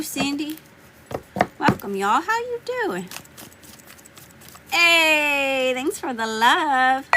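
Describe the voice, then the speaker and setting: A woman's voice: fairly high pitch, heavy background noise. A woman with a Southern US accent giving live tarot readings, chatting and greeting viewers by name. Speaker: tarot reader.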